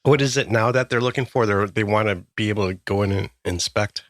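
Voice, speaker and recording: A low-voiced man co-hosts a casual podcast, mostly chiming in with short remarks and agreement. He is recorded close up on a dry mic. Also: a little fast, no room sound. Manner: brief agreeing interjections. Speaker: podcast co-host. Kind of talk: casual chat.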